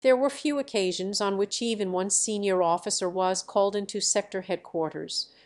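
A woman narrating an audiobook in a steady, measured reading voice. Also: medium pitch.

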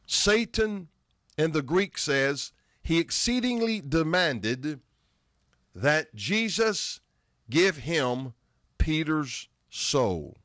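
Middle-aged male preacher, unhurried and deliberate, lingering on words for emphasis, dry close recording. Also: a little high, big pitch swings, fairly bright tone, dry recording. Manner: dramatic slowing for emphasis, quoting scripture. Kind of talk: sermon.

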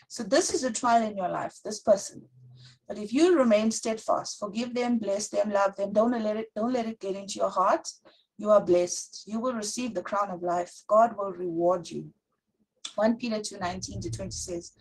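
Husky-voiced woman teaching a sermon. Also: mid-range voice, a little mellow, rough recording. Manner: earnest, slows to read scripture aloud. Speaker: Bible teacher.

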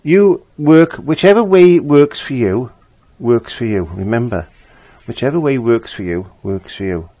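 A man's voice: medium pitch, expressive, unhurried, hardly any pauses, dull audio. An older man giving a casual painting lesson, chatty and repeating his phrases as he works. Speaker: painting teacher.

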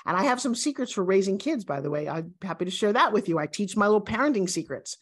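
A woman in her sixties, a guest, talking in an emphatic, animated and self-assured way in a motivational interview. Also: mid-range voice, fast, husky. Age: 60s.

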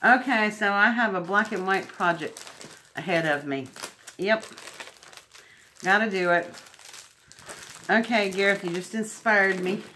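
A woman's voice: medium pitch, unhurried, long pauses, bright, forceful tone, slight background noise. A woman unboxing craft mail at home, gushing and emotional. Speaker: crafting vlogger. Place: home indoors.

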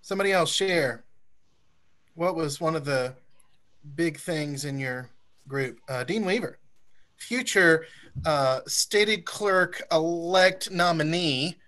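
A man's voice: fairly high pitch, slow pace, pauses often, a bit bright. A man hosting a church forum over a video call, guiding participants in a friendly, coaxing way. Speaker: forum host.

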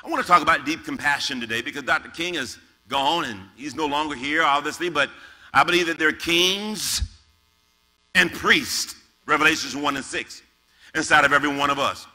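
A man's voice: fairly high pitch, moderate pace, pushed and bright. A man preaching a sermon as pastor, reading scripture dramatically with varied emphasis. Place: large church sanctuary. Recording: reverberant church hall with faint music.

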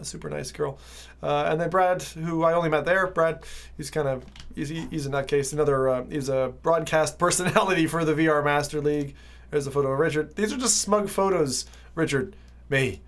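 A man, a VR streamer telling trip stories in a casual, rambling vlog full of fillers. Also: fairly high pitch. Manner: rambling storytelling with many fillers.

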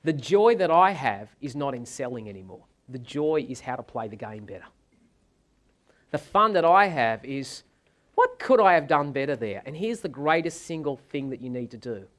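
A man giving a sales seminar, telling anecdotes in a dramatic, animated way. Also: medium pitch, moderate pace. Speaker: sales trainer.

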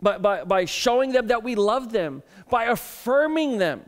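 High-voiced pastor preaching in a hall. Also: male voice, animated, a little slow. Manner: conversational, self-deprecating storytelling with frequent repeated starts. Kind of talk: sermon. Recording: long reverb of a church hall.

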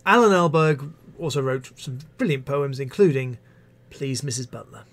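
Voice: medium pitch, animated, moderate pace. An English teacher on a live stream, reciting favourite poems theatrically and adding wry asides. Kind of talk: live-stream poetry reading.

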